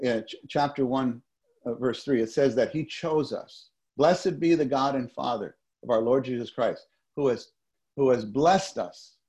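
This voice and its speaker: A man preaching to a congregation, his voice sitting a little high for a man. He often stumbles, restarts and repeats his words, and he leads the listeners in repeating lines back to him. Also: darkish tone. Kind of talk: sermon. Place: meeting hall with a summer-school gathering.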